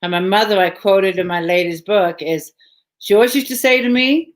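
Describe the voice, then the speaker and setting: A woman hosting a casual live video chat, chatty and quick with follow-up questions, heard over a video call. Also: mid-range voice. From England. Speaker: host.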